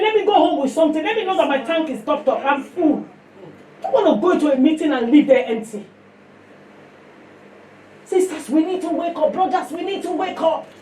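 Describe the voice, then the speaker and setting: High-pitched Nigerian woman preacher, passionate and emphatic, heard in an echoey hall from a distance. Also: a little hiss or hum. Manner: passionate, emphatic, swings from loud to hushed. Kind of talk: sermon.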